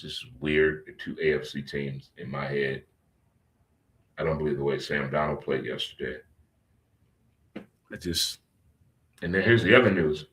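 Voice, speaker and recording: A man hosting a casual talk radio show, joking and animated, swinging between loud outbursts and low muttering. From St. Louis.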